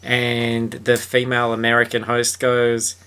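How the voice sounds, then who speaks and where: A man's voice: medium pitch, monotone, unhurried, sharp tone, smooth. A man from Australia with an Australian accent, hosting a podcast, reading a book aloud and chatting in a sweary, sarcastic way. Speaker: podcast host. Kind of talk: casual chat and reading aloud.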